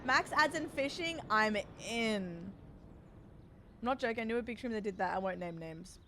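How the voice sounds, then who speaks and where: A woman's voice: a little high, lively intonation, moderate pace, bright, forceful tone, a little hiss or hum. A woman streamer chatting casually and emotionally, giggling, swearing freely and thanking her donors. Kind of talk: casual live-stream chat.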